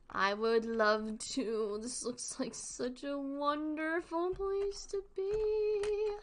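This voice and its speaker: A woman's voice: high-pitched, slow pace. A 22-year-old woman streaming a game, chatting casually and playfully with frequent giggles. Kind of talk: casual gameplay chat.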